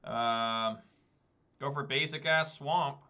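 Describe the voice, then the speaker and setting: Male streamer, slow and bright-toned, swears freely, casual running commentary. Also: fairly high pitch, expressive, dull audio. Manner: swears often, talks to himself while playing. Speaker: gameplay streamer.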